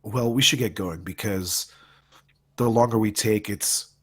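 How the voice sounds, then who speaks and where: A man's voice: lowish voice, measured pace, fairly bright tone, husky. A man playing a tabletop role-playing game, proposing plans and slipping in puns. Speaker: player. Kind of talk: casual tabletop role-play.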